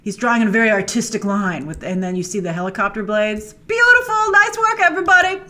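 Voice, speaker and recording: A female trailer reviewer and show host talks briskly in a slightly high, bright, forceful voice with lively intonation. Her breakdown is casual and playful, peppered with asides as she thinks aloud.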